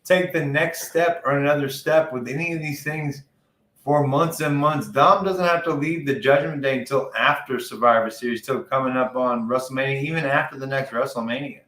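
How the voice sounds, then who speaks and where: A man's voice: medium pitch, moderate pace, fairly bright tone. Profane, rambling man in an echoey room. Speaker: podcast co-host. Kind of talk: casual wrestling chat. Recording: roomy echo.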